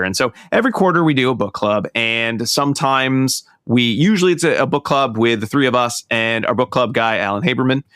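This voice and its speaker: A man's voice: mid-range voice, fairly bright tone, no room sound. A man rambles along as a podcast co-host, circling back with fillers and restarts. His voice sits in a mid range. It is recorded close and dry on a studio mic. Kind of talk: casual podcast chat.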